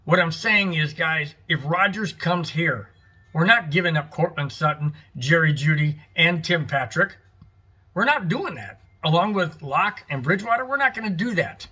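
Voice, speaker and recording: A man's voice: a little high, expressive, moderate pace, bright, forceful tone, breathy edge. A middle-aged man hosting a fan show, delivering an angry, frustrated, emphatic sports rant. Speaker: fan podcast host.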